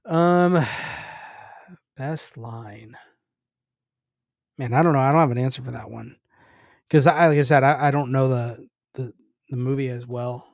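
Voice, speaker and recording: A man's voice: medium pitch, unhurried, creaky, long pauses, a little mellow, dry recording, studio quality. Easygoing man in casual chat. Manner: easygoing, hesitant, laughs easily. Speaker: podcast guest.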